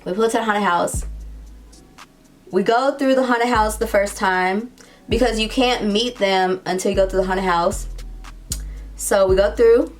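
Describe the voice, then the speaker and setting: A young adult woman vlogger telling a story in casual chat, animated and chatty, with lots of "like"s and playful asides. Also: mid-range voice. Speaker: beauty vlogger.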